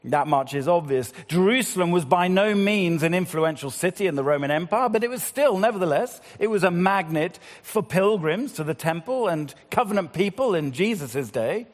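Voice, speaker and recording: A man preaching a sermon, swinging between loud appeals and hushed, slow passages. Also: high-pitched, lively intonation. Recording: long hall reverb.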